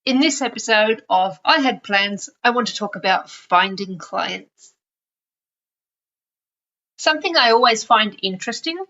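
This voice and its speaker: A woman's voice: mid-range voice, bright, forceful tone, dull audio. A woman hosting a solo podcast, chatty and lightly sarcastic, talking straight to the listener. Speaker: podcast host.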